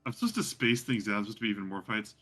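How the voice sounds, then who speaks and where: A man's voice: fairly low pitch, rapid-fire, a bit bright, soft background music. A man running a tabletop game as game master, talking in a rambling way with many fillers.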